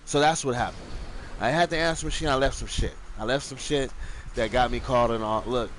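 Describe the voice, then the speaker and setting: A man's voice: mid-range voice, fairly quick, noisy background. A young man casually telling a rambling, profane childhood story, acting out the other people with raised voices.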